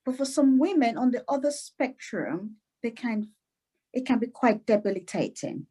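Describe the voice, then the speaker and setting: Lively, laughing woman explaining clearly. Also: on the high side, normal speed. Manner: lively, laughs often, acts out quotes. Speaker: guest, clinician. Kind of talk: explaining in an interview.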